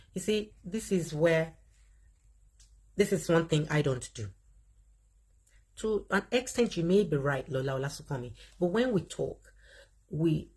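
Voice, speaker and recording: A Nigerian woman hosts a live online chat, her voice husky and a touch breathy. She talks in an animated way, addresses her viewers directly and reads their comments aloud between her own remarks. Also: deep voice. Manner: animated, talks straight to viewers, laughs often. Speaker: livestream host.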